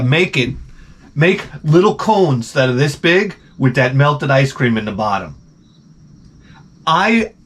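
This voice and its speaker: A man's voice: a little high, fairly bright tone. A man telling a rambling, profane, comically exasperated story in a casual vlog. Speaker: vlogger.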